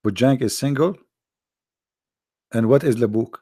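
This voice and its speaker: Man, hoarse, gravelly, teasing livestream chat, dry close mic. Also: medium pitch, a little slow, mellow, no echo. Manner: teasing, laughs often, answers viewer questions. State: hoarse, voice strained and coughing. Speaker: livestream host answering chat. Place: at home behind a computer.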